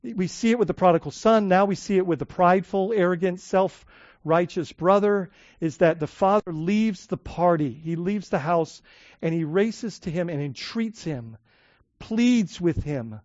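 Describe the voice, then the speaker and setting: A man preaching a sermon in a conversational way, with frequent restarts and "right?" asides, swinging from loud emphatic lines to soft low ones. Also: measured pace, no room sound, lo-fi sound. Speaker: pastor.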